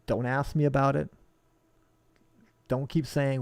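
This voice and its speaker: A man's voice: medium pitch, little pitch movement, slow pace, vocal fry, darkish tone, no room sound. A man who owns a hobby shop, talking bluntly and combatively in a rambling live stream. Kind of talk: live-streamed casual talk.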